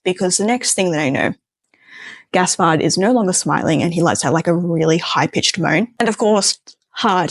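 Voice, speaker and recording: A woman's voice: fairly low pitch, no room sound. Wry, chatty woman telling a story. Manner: chatty, heavy use of filler "like", wry asides. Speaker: storyteller, doctor. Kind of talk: casual storytime.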